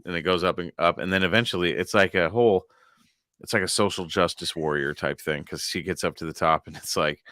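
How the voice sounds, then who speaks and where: Brief: male podcast co-host, deep but bright voice, lively swings in pitch, dry close sound, profane and giggly. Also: brisk, no echo. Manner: profane, laughs a lot, animated. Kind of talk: casual chat.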